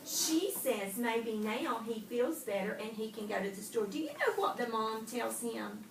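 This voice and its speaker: A woman's voice: a little high, lively intonation, measured pace, creaky. A woman teaching young children to read, patient and prompting them with questions. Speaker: reading teacher. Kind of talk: guided reading with young children. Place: classroom. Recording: echoey classroom from far off, loud noise.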